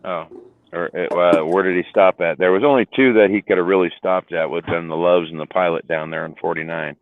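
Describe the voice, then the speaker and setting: A worn-out livestream host with a low, steady voice keeps a brisk pace as he rambles, jokes and laughs in a casual chat. The sound has no echo but comes across tinny, like a phone.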